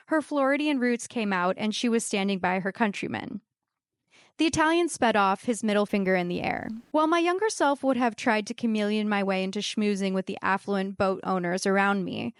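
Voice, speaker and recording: A woman's voice: fairly high pitch, dry recording, clean studio sound. Woman telling a wry comedic story.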